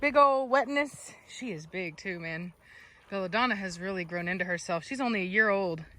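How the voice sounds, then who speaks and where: A woman's voice: lowish voice, a little fast. A woman, a dog breeder chatting casually on her vlog and cooing baby talk at her dogs. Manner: coos baby talk at the dogs, calls them loudly. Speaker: dog breeder and channel host. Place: outdoors with dogs. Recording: noisy outdoor recording.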